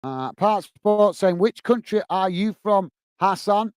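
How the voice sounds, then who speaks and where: A man hosting a football watch-along, commentating on the match and chatting warmly with viewers in the chat. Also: high-pitched, lively intonation, slow, clean tone, dry recording. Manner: chatty, says "mate" a lot, reads chat messages aloud.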